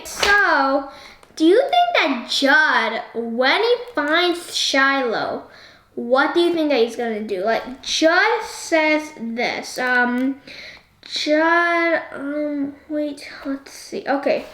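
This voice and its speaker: High-pitched woman chatting about a book, slow and rambly, lots of questions. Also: a bit bright, roomy sound. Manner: rambling, asks the listener many questions. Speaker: book discussion host. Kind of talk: casual book discussion.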